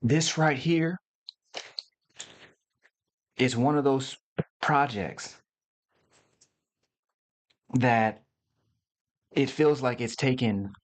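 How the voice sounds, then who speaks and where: A man's voice: medium pitch, very slow, long pauses. A middle-aged man hosting a casual livestream, talking to viewers in a loose, playful, slangy way. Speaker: host.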